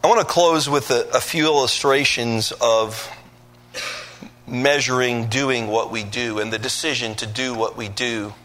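A man's voice: medium pitch, steady tone, unhurried, fairly bright tone. A male pastor from Michigan preaching a sermon, telling stories with voiced asides and building to emphatic peaks.

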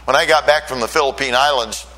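An older man from Michigan, USA, preaches a sermon and shares his own conversion story, telling it earnestly like a storyteller and raising his voice when emotion takes over. His medium-pitched voice is fast, pushed and bright, and the recording quality is low.

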